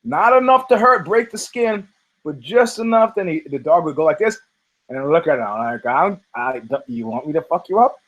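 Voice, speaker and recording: A man hosting a podcast, telling a story in a casual, profane, animated way and acting out the people in it. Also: on the high side, fairly quick, low-quality recording. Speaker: podcast host.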